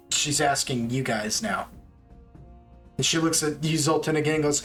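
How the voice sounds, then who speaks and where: Male game master, casual narration, laughs a lot, rambling asides, slightly high voice, faint music behind. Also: moderate pace, long pauses, fairly bright tone.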